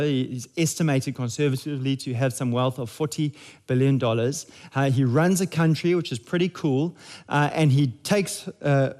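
A man's voice: fairly high pitch, darkish tone. A man, preaching a sermon in a conversational, jokey way with frequent restarts. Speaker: pastor.

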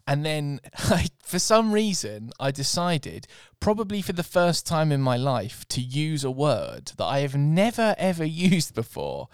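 A man hosting a podcast, telling an animated, sweary story in casual chat. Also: fairly high pitch, a little slow, hardly any pauses, smooth, no room sound, studio quality. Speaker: podcast host.

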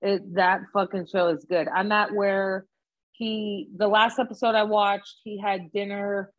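Casual female co-host, profane and animated, slightly dull dry sound. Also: mid-range voice, unhurried, dry recording. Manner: swears a lot, animated storytelling. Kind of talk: casual chat.

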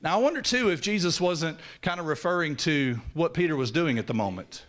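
A man preaching a sermon, swinging from loud raised peaks down to hushed, low lines. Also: lively intonation, a little fast.

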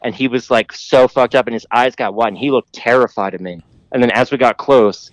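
A man's voice: mid-range voice, brisk, few pauses, no echo, low-quality recording. A man hosting a podcast, telling a long story in a rambling, profane way full of fillers. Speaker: podcast host telling stories. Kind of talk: casual storytelling.

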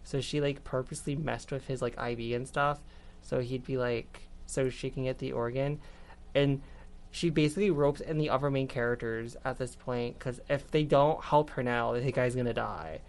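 A woman's voice: extremely low pitch, fairly even intonation, normal speed, a little mellow. A young woman co-hosting a casual student radio show, rambling with lots of fillers and giggles. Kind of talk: casual scripted radio chat.

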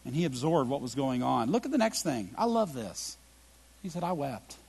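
A middle-aged man preaching a sermon as pastor, swinging between loud emphatic bursts and quiet, low reflective lines. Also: big pitch swings, moderate pace, vocal fry, husky.

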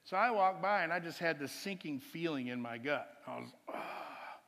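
A man's voice: fairly high pitch, expressive, fairly quick, gravelly, a bit bright. Chuckling preacher man in a reverberant hall. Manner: chuckling, rambling storytelling with many restarts. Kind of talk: sermon with a personal testimony story.

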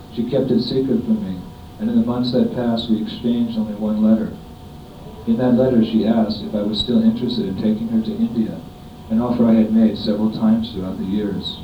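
Reading his devotional offering aloud, a disciple from the United States, a middle-aged man, delivers a homage letter in a solemn, measured manner. The audio sounds distant, dull and echoey, with a faint rumble in the room.

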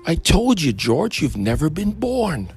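A man's voice: on the high side, big pitch swings, a little slow, slightly rough, faint music behind, voice pushed up, full character voice. A man doing a patient, insistent angel. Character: mild, patient male angel explaining.

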